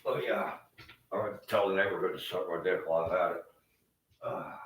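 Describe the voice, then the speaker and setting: A man with a very low, deep voice delivers a rambling, bitter rant full of swearing. He sounds like he is hurting and feeling unwell as he talks to the camera. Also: fairly even intonation, brisk, fairly bright tone, slight background noise.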